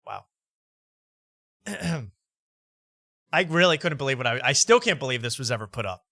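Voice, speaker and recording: A man's voice: mid-range voice, sing-song, moderate pace, long pauses, bright, forceful tone, no room sound, studio quality. A man hosting a late-night comedy talk show, reading posts aloud mockingly with laughter. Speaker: host.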